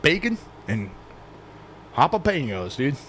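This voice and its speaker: A man's voice: mid-range voice, sing-song, unhurried, a bit bright, slight background noise. A man co-hosting a podcast, teasing his friend in casual chat and calling him dude. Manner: teasing, laughs a lot, says "dude". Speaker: podcast co-host.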